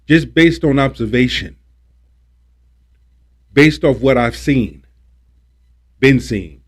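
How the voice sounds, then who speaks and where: A man hosting a livestream, ranting about politics in a preachy, repetitive, emphatic way and swearing when he gets worked up. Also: mid-range voice. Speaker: livestream host.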